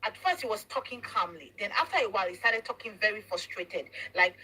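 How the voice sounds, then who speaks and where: Forceful woman host. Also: mid-range voice, fairly quick, few pauses, husky, low-quality recording. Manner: emphatic, preachy, mixes in Yoruba phrases. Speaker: talk show host. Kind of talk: casual commentary chat.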